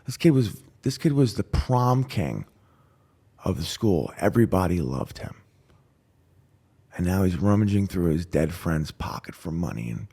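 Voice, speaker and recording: A man guest on a podcast, telling his recovery story with animated storytelling, acting out voices and dropping to a whisper at grim moments. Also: low-pitched, a little slow, gravelly, slightly rough. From New York. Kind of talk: emotional storytelling.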